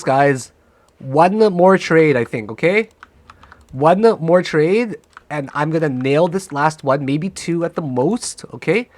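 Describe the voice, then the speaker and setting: A man narrates his own trades live, loud, foul-mouthed and cocky, cracking jokes and often yelling or begging at the price chart. His voice sits on the high side, and there's no echo.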